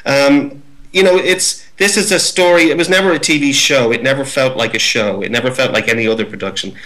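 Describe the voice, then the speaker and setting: A middle-aged male actor in a casual interview, telling behind-the-scenes stories in a lively way. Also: mid-range voice, fairly quick, poor audio. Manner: lively storyteller, acts out voices. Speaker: actor guest.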